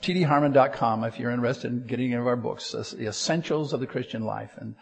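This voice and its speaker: A man preaching a humorous storytelling sermon, getting loud and excited and throwing jokey asides to a live audience in church. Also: mid-range voice, fast talker, vocal fry, husky. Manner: animated, gets loud and excited telling the story.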